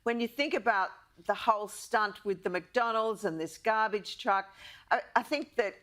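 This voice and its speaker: A woman's voice: mid-range voice, normal speed, fairly bright tone. A woman giving opinions as a guest on a television panel, confident.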